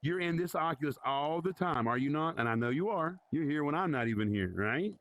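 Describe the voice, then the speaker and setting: A man leading an informal Bible study in a virtual reality church gathering. He talks in a conversational, exhorting way and keeps challenging his listeners directly. His voice sits somewhat high for a man, and the sound is dry and close, picked up by a headset mic. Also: lively intonation, brisk, fairly bright tone, no echo.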